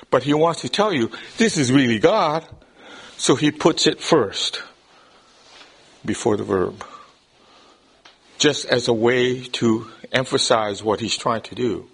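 A man leads a Bible class in a lecture style, walking through each point step by step and pausing to check that his listeners follow. His voice sits at an ordinary middle pitch, and he often restarts phrases, repeating a word before going on. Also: vocal fry, a bit bright, breathy edge. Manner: repeats words when starting a thought. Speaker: Bible study teacher.

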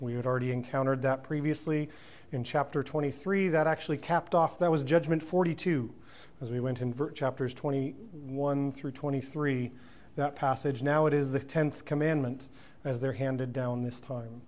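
A man's voice: medium pitch, steady tone, moderate pace, darkish tone. A man teaching through a Bible passage verse by verse, reading scripture aloud and then explaining it, with fillers and self-corrections.

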